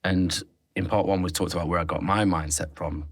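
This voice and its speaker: A man's voice: sits low, fairly even intonation, brisk, husky, no room sound, clean studio sound. A man as a podcast guest, talking candidly and reflectively, often restarting his sentences. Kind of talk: candid interview conversation.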